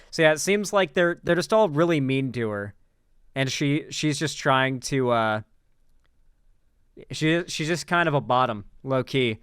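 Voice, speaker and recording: A man's voice: medium pitch, animated, unhurried, a bit bright, clean tone, dry recording, clean studio sound. A man hosting casual political commentary, sarcastic and mocking as he reads out replies and laughs.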